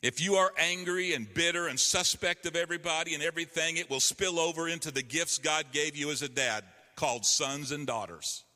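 Bright-voiced man preaching in a hall. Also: a little high, fairly quick, hardly any pauses. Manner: emphatic preaching with call-and-response. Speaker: pastor. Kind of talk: sermon.

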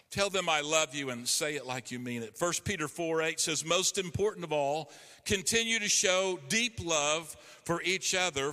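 A man delivers a sermon with earnest, emphatic preaching, calling out for the congregation's response. His voice is bright and forceful. It rings out with a long reverb, as in a large church hall. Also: a little high. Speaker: pastor.

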